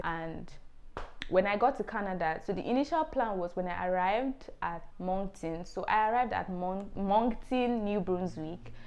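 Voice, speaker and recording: A woman's voice: on the low side, a little mellow. A young woman from Nigeria, telling a personal testimony in an earnest, emotional vlog style with many fillers. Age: young adult. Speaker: vlogger.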